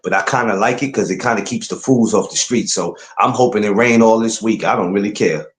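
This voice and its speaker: A podcast host talks boxing casually and emphatically, his delivery animated and climbing into incredulous outbursts. His voice is fairly low and a little fast, recorded in an echoey room.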